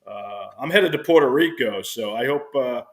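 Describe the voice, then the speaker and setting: Male radio co-host, middle pitch, easygoing and hesitant. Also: lively intonation, moderate pace. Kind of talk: casual sports radio chat.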